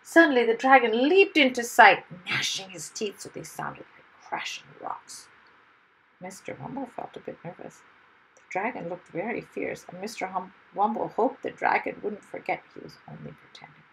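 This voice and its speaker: A woman reading a children's story aloud in a lively, expressive way. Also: lowish voice, normal speed, vocal fry, a little hiss or hum, poor audio.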